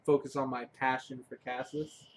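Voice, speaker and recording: A man's voice: medium pitch, flat delivery, moderate pace, a little hiss or hum, rough recording. A man playing a tabletop game, answering in short joking lines. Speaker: player. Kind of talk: casual tabletop play.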